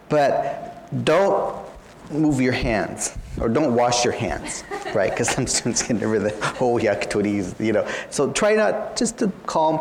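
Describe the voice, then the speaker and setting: A man tutors students for an interview exam, patiently explaining each point and saying "you know" a lot. His mid-range voice has vocal fry, with slight background noise and long hall reverb in the recording.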